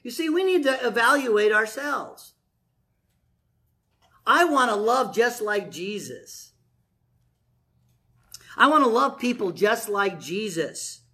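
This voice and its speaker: A man's voice: sits high, lively intonation, takes it slowly, pauses often, sharp tone. A man preaching a conversational sermon to his congregation, telling stories and acting out quoted voices.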